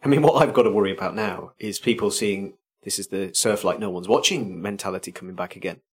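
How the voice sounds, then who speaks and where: A man's voice: deep voice, fast talker. A man co-hosting a podcast in casual chat, telling stories with self-mocking humour. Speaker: podcast co-host.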